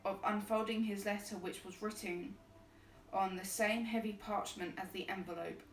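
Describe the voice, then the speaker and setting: A woman streamer reading a storybook aloud in a relaxed way, with chatty, easygoing asides. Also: mid-range voice, normal speed. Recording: roomy distant mic with faint music.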